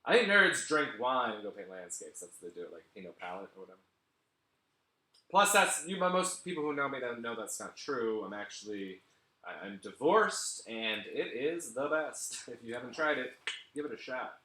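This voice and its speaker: Sardonic comedian in an echoey room. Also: male voice, medium pitch, normal speed. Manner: sardonic, deadpan asides, laughs at his own jokes. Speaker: stand-up comedian. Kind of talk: stand-up set on a live stream.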